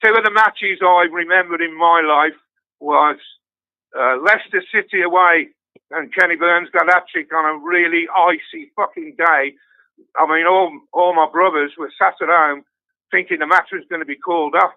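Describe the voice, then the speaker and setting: A man's voice: fairly high pitch, fairly even intonation, moderate pace, no echo. An older man in casual chat, telling stories with lots of swearing and laughter. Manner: swears constantly, storytelling with laughs. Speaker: guest fan. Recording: dry tinny phone line.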